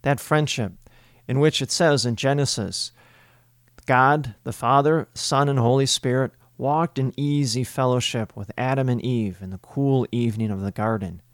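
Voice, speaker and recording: A man giving a homily as a priest, speaking in a measured, emphatic way with deliberate pauses. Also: medium pitch, dry recording, clean studio sound.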